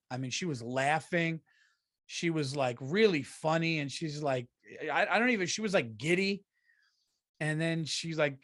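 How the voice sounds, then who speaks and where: A man hosting a comedy podcast, telling a story in an exasperated, profane and animated way and acting out what people said. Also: on the high side, dry recording, studio quality. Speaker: podcast host.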